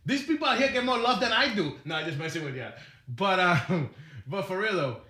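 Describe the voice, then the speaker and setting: Animated guy in his 30s chatting, bright voice, roomy echo. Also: high-pitched, fairly quick. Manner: animated, acts out quotes in put-on voices. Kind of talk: casual chat.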